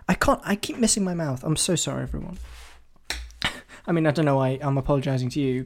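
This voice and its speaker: A man hosting his own podcast talks through ideas off the cuff. He rambles, trips over his words and pokes fun at himself. His voice sits in an ordinary middle pitch. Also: creaky. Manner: rambling, self-deprecating, thinks aloud with many restarts. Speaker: podcast host. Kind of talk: solo casual podcast brainstorming.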